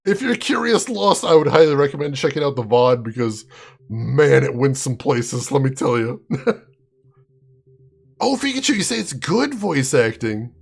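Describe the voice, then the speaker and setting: This man, live-streaming a game, answers his chat by name and laughs a lot in casual conversation. His medium-pitched voice is animated and slightly rough with vocal fry, at a moderate pace.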